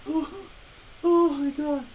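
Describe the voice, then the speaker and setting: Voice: high-pitched, little pitch movement, takes it slowly, darkish tone, slight background noise, low-quality recording. A podcast co-host reacting in casual chat with short, laughing interjections.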